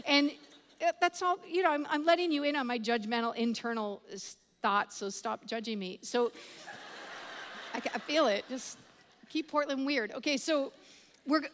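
A woman's voice: high voice, fairly quick, fairly bright tone. A woman preaching a sermon, telling stories with laughs and quoted voices and building to emphatic points. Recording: long hall reverb.

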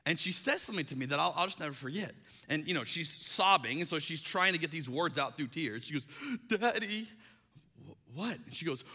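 A man in his thirties, a pastor, preaching a sermon and telling a story with animated, acted-out dialogue. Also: on the high side. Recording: long hall reverb.

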